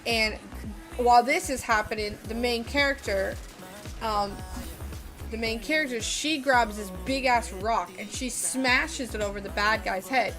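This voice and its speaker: A woman's voice: a little high, a little slow, fairly bright tone. A woman streamer telling a story in a rambling, casual way while she plays a game, swearing often. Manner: rambling, lots of fillers and swearing. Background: music.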